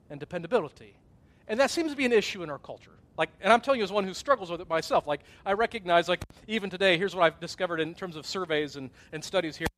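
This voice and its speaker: High-voiced man preaching conversationally. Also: a bit bright. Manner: conversational preaching, acted-out asides and gasps. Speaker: pastor. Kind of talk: sermon.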